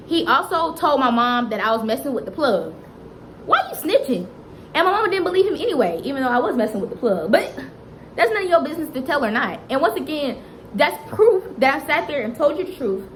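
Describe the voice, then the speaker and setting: A young woman vlogger telling a dramatic personal story in a lively, chatty way, often turning to address her viewers. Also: fairly high pitch, a little hiss or hum, low-quality recording. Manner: animated, dramatic retelling that keeps addressing viewers directly. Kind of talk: storytime vlog.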